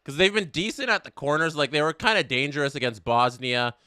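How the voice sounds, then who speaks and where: His voice fairly high and a little fast, a young man hosts a casual live watch-along in a dry, studio-quality recording. Chatty throughout, he calls the match, talks with viewers, reads chat aloud and gets excited on big plays.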